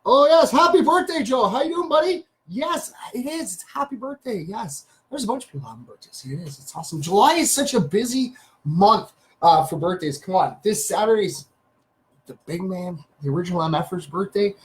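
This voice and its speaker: A man's voice: high voice, expressive, brisk, poor audio. Canadian man, live stream host, casual rambling chat, greets viewers.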